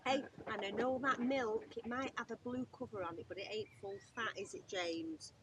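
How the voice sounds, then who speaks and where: A woman's voice: fairly high pitch, moderate pace. Middle-aged woman, chatty travel vlogger, lots of background noise. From England. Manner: chatty, exclamatory, laughs often. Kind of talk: casual chat. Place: outdoors by a motorhome.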